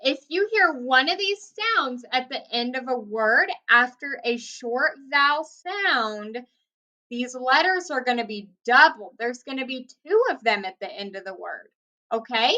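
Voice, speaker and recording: A young woman teaching first graders a recorded phonics lesson, speaking clearly and encouragingly with steady praise. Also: high-pitched, a little slow.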